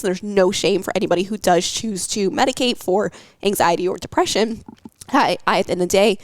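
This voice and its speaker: A woman's voice: mid-range voice, dry recording. Candid woman health coach, dry sound. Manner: candid, emotional, halting with fillers. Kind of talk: personal podcast talk.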